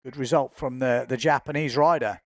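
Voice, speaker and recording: A man's voice: medium pitch, fairly even intonation, brisk, dry recording, studio quality. A man giving chatty, informal live commentary on a windsurfing race, often correcting himself as he goes.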